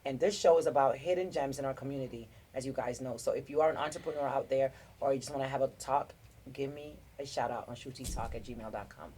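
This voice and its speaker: A woman's voice: rumbling low, quick pace, slightly rough. A middle-aged woman hosting a podcast, giving earnest, rambling relationship advice in a casual group chat. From South Florida. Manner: warm-hearted, rambling, earnest advice with restarts. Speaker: podcast host.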